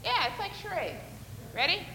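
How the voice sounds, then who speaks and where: A woman's voice: very high voice, very animated, normal speed, creaky, noisy background. A woman leading an interactive children's Bible lesson in church, playful and coaxing as she acts out a fishing story with the kids. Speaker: children's sermon leader. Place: church sanctuary, large echoey room. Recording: echoey hall with long reverb.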